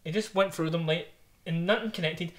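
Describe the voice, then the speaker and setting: A man's voice: a little high, brisk. A man co-hosting a casual podcast chat, telling stories with swearing and laughter. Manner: animated storytelling, swearing, laughing often. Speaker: podcast co-host.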